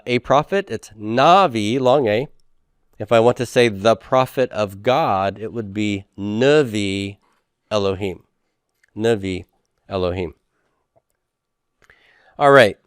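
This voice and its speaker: Man, lecturer, lowish smooth voice, unhurried, dry close sound. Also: no echo. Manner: patient, repeats words slowly, checks in with "okay?". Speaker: Hebrew teacher. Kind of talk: recorded grammar lecture.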